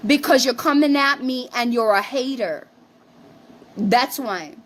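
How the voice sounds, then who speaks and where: A woman's voice: a little high, unhurried, a little hiss or hum. A woman co-hosting a livestream, ranting defensively and swearing, with Spanish phrases mixed in. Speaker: livestream co-host. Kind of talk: heated casual rant.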